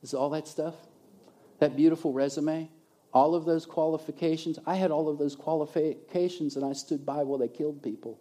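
A man preaching a sermon as a pastor, animated, swinging between loud emphasis and quiet asides. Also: fairly high pitch, fairly quick.

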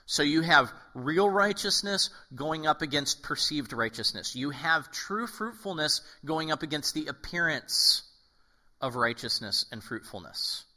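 A man's voice: fairly high pitch, a little slow. A male pastor giving a casual, conversational sermon, acting out quotes and often checking in with "okay?". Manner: animated, acts out quoted voices, frequent "okay?".

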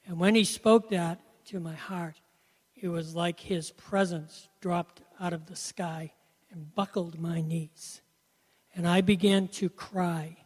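A man with a notably high voice shares an earnest personal testimony, telling it as a story with a loose, conversational rhythm. His voice rings out with a long hall reverb around it. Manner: earnest storytelling with frequent "you know". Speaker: Christian speaker sharing testimony.

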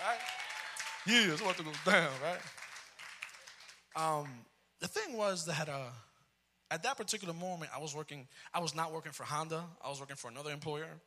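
Preacher guy telling a funny story, high bright voice, switches into spanish bits. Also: fairly quick, pauses often, some chatter behind, slight background noise. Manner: animated, comic, mixes in Spanish phrases. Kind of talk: storytelling sermon.

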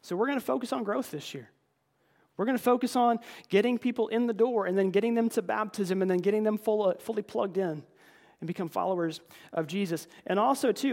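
High-voiced man preaching a casual sermon. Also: a little mellow. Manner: earnest, repeats words, addresses the congregation as folks. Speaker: pastor. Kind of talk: conversational sermon. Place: church.

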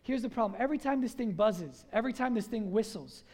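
A man preaching a sermon as pastor, lively and drawing call-and-response from the congregation, acting out little scenes. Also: high-pitched, quick pace. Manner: acts out scenes in quoted voices.

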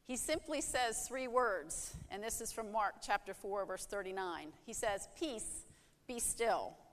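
A woman's voice: mid-range voice, unhurried, fairly bright tone, long reverb tail. A woman preaching a sermon in an earnest way, asking rhetorical questions and acting out heartfelt prayers.

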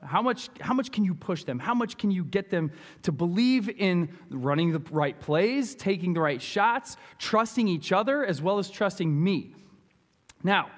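Earnest preacher in a reverberant hall. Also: male voice, high voice. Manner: earnest, conversational preaching with rhetorical questions. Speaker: pastor and youth basketball coach. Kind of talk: sermon.

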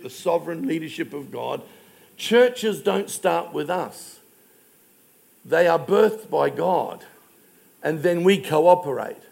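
Gravelly high-voiced male pastor preaching. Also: a little mellow. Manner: storytelling preacher, emphatic, slows down on key phrases. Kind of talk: sermon. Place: church.

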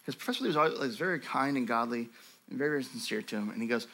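A man teaching a sermon as pastor, telling stories in a lively conversational way with frequent asides to his listeners. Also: mid-range voice, very fast. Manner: animated storytelling, conversational asides.

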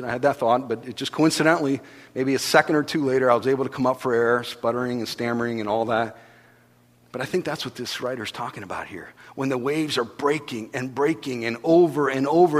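A man preaching a sermon as pastor, telling stories with animation and swinging between hushed and loud delivery. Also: medium pitch. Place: church hall. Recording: long reverb of a large hall.

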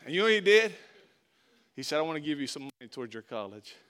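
Animated storytelling preacher, man. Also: a little high, quick pace, clear, resonant tone. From Florida. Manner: animated storyteller, acts out quotes, big swings in loudness. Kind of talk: sermon storytelling.

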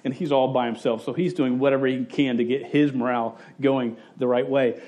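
A man preaching a sermon in a casual, joking, conversational way, slipping into quick voices for the people in his stories. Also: medium pitch, fairly even intonation, a little mellow. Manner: conversational storytelling with quick voice shifts for quoted people; jokey and self-interrupting. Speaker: pastor.

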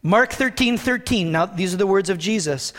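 A male pastor preaching a sermon in an earnest, conversational way, reading scripture slowly and with emphasis. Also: sits high, animated, fairly bright tone, long reverb tail.

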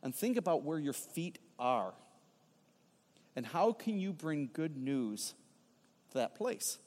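A middle-aged pastor delivers his sermon with animated, playful storytelling and teasing asides to the congregation. His voice sits a little high for a man. The sound rings with the long reverb of a church sanctuary. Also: slow.

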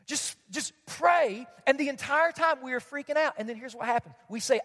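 A man's voice: extremely high pitch, fast talker, hardly any pauses, a bit bright. A man preaching a sermon as pastor, emphatic, repeating key lines and asking the congregation questions. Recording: long hall reverb.

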